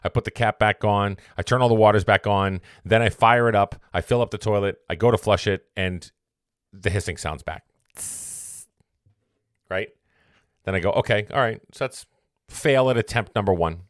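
Man, podcast host, low voice, dry close sound, rambling casual story, motivational. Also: moderate pace, long pauses, clean tone, no echo. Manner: rambling, self-correcting, motivational.

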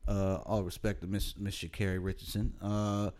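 A man's voice: fairly low pitch, flat delivery, normal speed, a little mellow. A man co-hosting a podcast in casual chat, laid-back, repeating phrases and laughing often. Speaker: podcast co-host.

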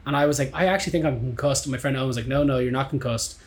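A man's voice: medium pitch, racing. A man in his twenties with an Irish accent, telling rambling stories in casual chat, full of restarts and swearing. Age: 20s.

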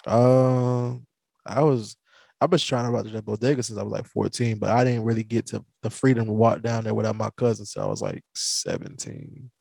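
A man from the American South hosting a podcast, telling food stories with animated energy and plenty of stumbles and restarts. His voice has a gravelly edge. He is close-miked in a dry room. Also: fairly low pitch, fairly quick, no echo. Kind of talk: casual chat.

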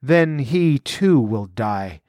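A man playing a ruthless outlaw lord plotting for a throne, measured and scornful, giving orders with cold command in a dry, close voice. his pitch sits mid-range and he never raises it far. a storybook villain with contempt for everyone around him. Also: animated, a little mellow, dry recording. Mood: scheming. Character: scheming ambitious male outlaw noble, cold and commanding.

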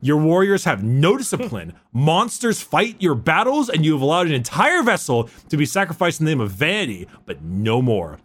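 A man voicing a stern, commanding male warlord as he reads a book excerpt aloud, in a low and deliberate voice. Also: sing-song, a bit bright, breathy edge, heavily acted.

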